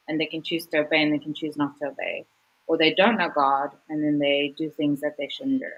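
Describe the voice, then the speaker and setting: A woman's voice: sits low, fairly bright tone, poor audio. A woman author speaking as an interview guest, earnest and reflective, talking in a candid, informal way with frequent "like" and "you know.".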